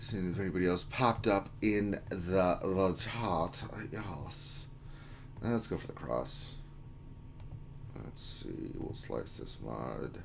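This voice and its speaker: A man's voice: low-pitched, animated, slow pace, vocal fry, slight background noise. A man hosting a gaming live stream, reading out viewer chat messages with jokey, upbeat remarks. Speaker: livestream host.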